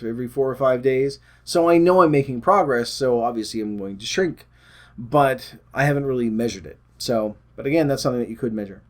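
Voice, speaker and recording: Rambling, chatty man vlogging to camera. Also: medium pitch. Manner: rambling, self-deprecating, chatty. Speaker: weight loss vlogger. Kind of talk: casual chat to camera.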